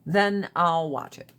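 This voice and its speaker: A woman's voice: medium pitch, fairly bright tone, husky. A woman hosting a casual live stream, talking bluntly with plenty of profanity and ranting with rising emphasis. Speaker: livestream host. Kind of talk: casual livestream chat.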